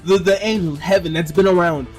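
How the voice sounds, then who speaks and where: A man's voice: sits high, fairly even intonation, fast, darkish tone, husky, faint music behind. A young man giving an exasperated, casual reaction rant as a commentator, stumbling over repeated words and swearing.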